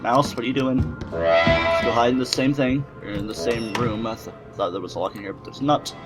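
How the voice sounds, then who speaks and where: A man's voice: medium pitch, animated, moderate pace, loud music behind the voice, low-quality recording. A man giving let's-play commentary on a game he is playing, rambling and joking to himself as he goes. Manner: joking, rambling self-talk while playing.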